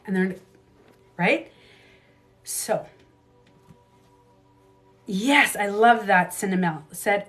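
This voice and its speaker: A woman's voice: mid-range voice, extremely slow, pauses often, fairly bright tone, soft background music. Emphatic woman hosting a casual livestream. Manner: emphatic, repeats phrases, swears freely. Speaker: livestream host and beauty coach. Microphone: livestream camera mic.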